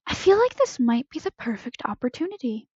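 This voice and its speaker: A woman's voice: high voice, very animated, a little fast, darkish tone, husky, no echo, exaggerated voice. A woman voicing a spiteful teenage boy wizard, nasal and sneering, calling out taunts in a dull, slightly lo-fi home recording. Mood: sly.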